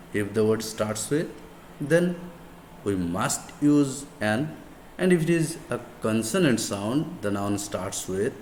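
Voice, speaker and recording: A Bangladeshi man with a Bengali first language gives a slow, drawn-out English grammar lecture. His voice sits on the lower side, and he repeats each word and example with deliberate emphasis. The room sounds echoey, with a faint hum of noise behind him. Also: a little mellow.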